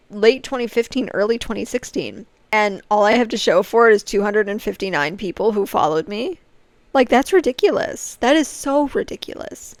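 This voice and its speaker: A woman's voice: mid-range voice, lively intonation, normal speed, no echo. A woman in her late twenties, talking to camera in a casual vlog, frank and rambling, circling back over her words as she vents. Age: late 20s. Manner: frank, rambling, restarts often, frustrated about social media. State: on the verge of tears. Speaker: vlogger.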